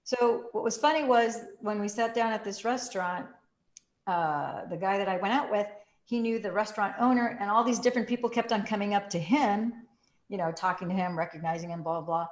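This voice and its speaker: A woman telling a story in a casual way, acting out the quotes with big jumps in pitch. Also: brisk. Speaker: group participant sharing a story. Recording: roomy echo.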